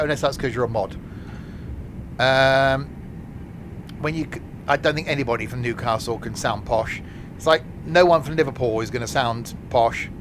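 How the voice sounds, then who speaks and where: A man live-streaming a train simulator, joking and laughing as he chats with viewers. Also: medium pitch. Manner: jokey, chatty, laughs often, answers chat. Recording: steady noise under the voice.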